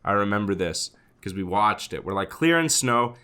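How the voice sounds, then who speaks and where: A man's voice: fairly low pitch, lively intonation, moderate pace, pushed and bright, smooth. A man co-hosting a podcast, telling stories in casual chat, cursing often and laughing. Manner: profane, laughing storyteller. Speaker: podcast co-host.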